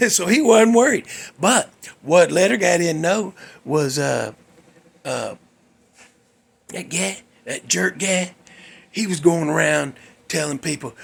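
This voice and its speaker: Gravelly high-voiced man. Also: lively intonation, slow, pauses often. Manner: folksy, worked-up, salty talker. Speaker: host. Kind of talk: casual storytelling monologue.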